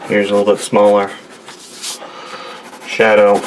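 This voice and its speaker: Working at his home studio desk, a male artist talks his way through a drawing demonstration in a rambling, jokey manner, often talking to himself. His fairly low voice is expressive, at normal speed with long pauses, and there's a little hiss or hum.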